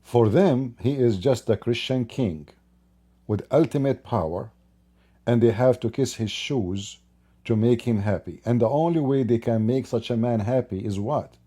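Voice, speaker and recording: A man's voice: medium pitch, unhurried, dark tone, husky. A man hosting his own channel, talking straight to his microphone in an unscripted commentary and stacking up points in emphatic, repetitive lists. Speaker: channel host commenting on politics.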